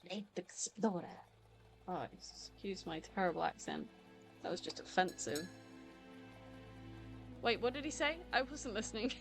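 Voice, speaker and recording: A woman's voice: medium pitch, very animated, moderate pace, creaky, pauses often, soft background music. A woman chatting casually as she streams a video game, often confused and laughing. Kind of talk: casual let's-play commentary.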